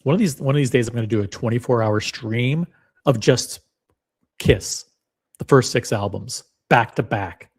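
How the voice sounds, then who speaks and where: A man's voice: medium pitch, normal speed, husky. A man hosting a live reaction stream, chatting in a rambling, self-deprecating way. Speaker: livestream host.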